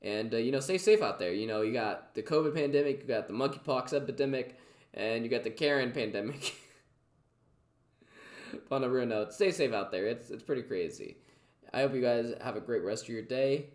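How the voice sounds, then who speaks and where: A man's voice: medium pitch, animated, fairly quick, darkish tone, echoey room. A man casually reacting to clips, chatty and full of fillers. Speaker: reaction video host.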